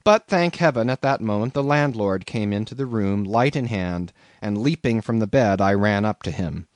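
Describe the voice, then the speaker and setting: A man reading a classic novel aloud as an audiobook narrator, in an expressive storytelling manner. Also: on the low side, normal speed, no echo.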